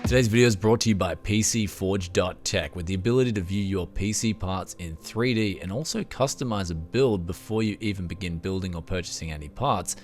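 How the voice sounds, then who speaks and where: A man with a very deep voice reads a sponsor spot in a plain, promotional way. Faint music runs underneath. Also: brisk, hardly any pauses. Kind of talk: sponsor read.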